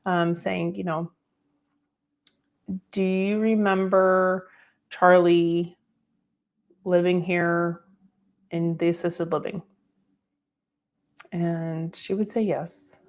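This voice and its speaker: A middle-aged woman hosting a podcast, telling a personal story in a reflective, unhurried way with many fillers. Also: lowish voice, little pitch movement. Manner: reflective, tearful at times, with fillers. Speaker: podcast host.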